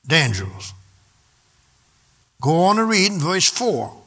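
A man's voice: fairly high pitch, big pitch swings, slow pace, a bit bright. A man preaching a sermon emphatically and calling out to the congregation for responses. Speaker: pastor.

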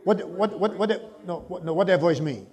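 A man preaching with a high-pitched voice. He calls on the congregation for answers and climbs into shouted peaks. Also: moderate pace. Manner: call-and-response preaching, rising to shouts. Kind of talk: sermon.

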